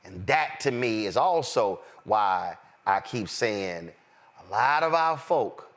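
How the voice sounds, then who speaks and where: A man's voice: on the low side, expressive, takes it slowly, a bit bright. Emphatic man hosting a panel. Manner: emphatic, preaching cadence, directs panelists. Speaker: host. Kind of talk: impassioned panel talk show commentary.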